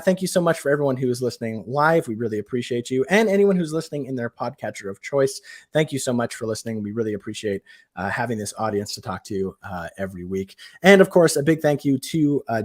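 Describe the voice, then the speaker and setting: A man's voice: mid-range voice, sing-song, a little fast. Chatty male podcast host. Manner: chatty, many fillers. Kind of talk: casual chat.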